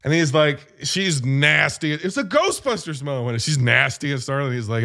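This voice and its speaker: A man chatting casually about a movie, animated and profane, retelling scenes as he goes. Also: on the high side, unhurried, few pauses. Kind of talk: casual movie review chat.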